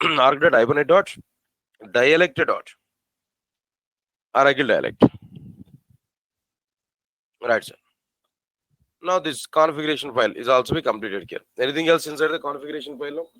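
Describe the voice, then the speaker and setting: A man teaching a programming class, asking his students rhetorical questions and spelling out code slowly. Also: on the high side, sharp tone, no room sound, poor audio. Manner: asks the class rhetorical questions, repeats phrases. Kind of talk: live coding lecture.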